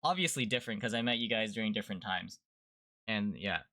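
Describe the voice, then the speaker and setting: A young man hosting a casual livestreamed podcast, chatty and relaxed, rambling a little with fillers. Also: lowish voice, fast talker, no room sound. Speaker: podcast host.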